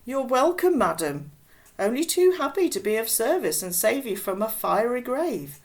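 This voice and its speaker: A woman's voice: on the high side, sing-song, moderate pace, pitched above the performer's own voice. A woman reading aloud voices a male firefighter answering with wry politeness.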